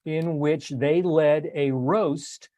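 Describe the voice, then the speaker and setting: An older man hosting a casual talk, rambling warmly with many fillers and restarts as he looks back on his event. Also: fairly high pitch, steady tone, very slow, heavy background noise. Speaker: host. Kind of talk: casual recap talk on a video stream.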